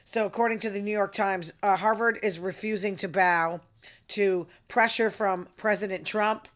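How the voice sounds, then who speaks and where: A woman's voice: mid-range voice, steady tone, normal speed, a bit bright. A middle-aged woman, hosting a podcast in a casual, rambling, self-deprecating solo monologue. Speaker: podcast host.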